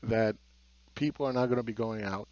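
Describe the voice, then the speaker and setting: A man's voice: lowish voice, a little fast, darkish tone, highs cut off. A man giving a blunt market commentary monologue, sarcastic and swearing, who mocks other people's views. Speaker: market analyst.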